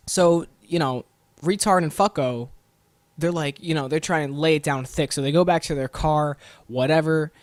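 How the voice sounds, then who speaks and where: A man's voice: fairly high pitch, moderate pace, a little mellow, no echo. A young man hosting a podcast, telling a story in a profane, exasperated rant. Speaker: podcast host. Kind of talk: casual storytelling monologue.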